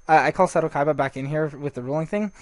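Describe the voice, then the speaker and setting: A man's voice: on the high side, fast talker, no room sound. A man giving casual, rambling gameplay commentary, swearing freely and restarting his sentences often.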